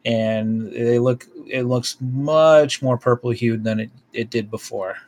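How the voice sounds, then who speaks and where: A man narrating a tabletop game as game master, loose and halting, with many fillers. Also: mid-range voice, steady tone, darkish tone.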